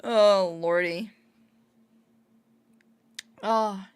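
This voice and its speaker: A woman's voice: mid-range voice, extremely slow, clean tone. A woman livestreamer chatting casually while reacting to videos, laughing often. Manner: giggly, laughs often, animated.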